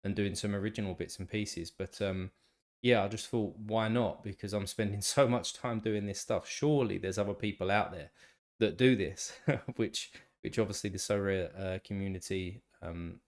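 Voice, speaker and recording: A congested man with a nasal, slightly tired voice that sits a little low. He hosts a laid-back live stream and rambles along, restarting his sentences and answering viewers by name. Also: normal speed. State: congested, still a bit tired. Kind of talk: casual live stream chat.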